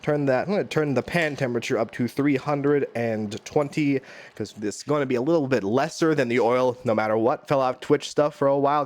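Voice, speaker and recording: A man streaming live from his home kitchen, rambling and joking at his own expense while he cooks and talks to chat. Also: medium pitch.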